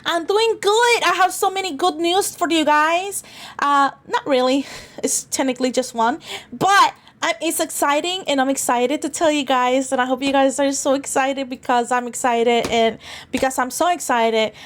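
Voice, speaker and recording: Giggly high-voiced woman streamer. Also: moderate pace, fairly bright tone. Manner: giggly, rambling, crude and teasing; stammers and restarts often. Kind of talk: casual livestream chat.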